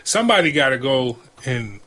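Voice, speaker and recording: A man co-hosting a relaxed podcast conversation. He talks loosely, in slang, circling back and repeating himself as he makes his point. His voice sits at an ordinary middle pitch. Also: moderate pace. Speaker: podcast co-host. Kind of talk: casual chat.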